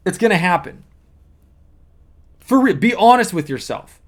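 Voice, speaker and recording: A man's voice: high voice, very animated, a little slow. A man speaking as a manifesting coach, explaining step by step in an earnest teaching monologue with repeated emphasis.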